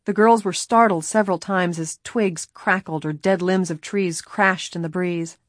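Low-voiced woman reading a mystery audiobook. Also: no room sound. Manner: measured, expressive storytelling. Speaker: narrator. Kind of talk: audiobook narration.

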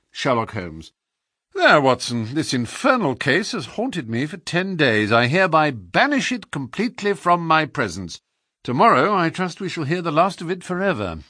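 Confident detective, crisp and raised, animated delivery; male narrator puts him on. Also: fairly high pitch, dry recording, voice pushed up, full character voice. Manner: crisp and assured, dry wit. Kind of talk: audiobook character voice.

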